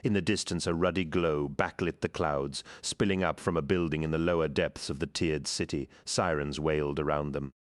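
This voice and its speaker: A man narrating an action audiobook in a measured, dramatic reading. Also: very deep voice, fairly even intonation. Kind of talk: scripted narration.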